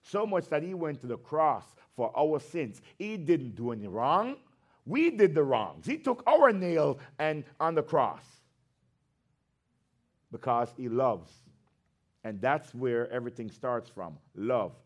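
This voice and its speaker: This male pastor has a medium-pitched, sing-song voice. He preaches a sermon in a slow, emphatic style with drawn-out phrases, stepping into conversational asides between readings from scripture.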